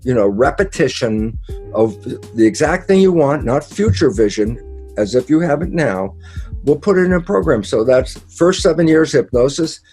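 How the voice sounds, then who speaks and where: A man explaining ideas in an interview, animated and casual, acting out quoted dialogue with sudden jumps in pitch and the odd mild swear word. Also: moderate pace, husky, soft background music.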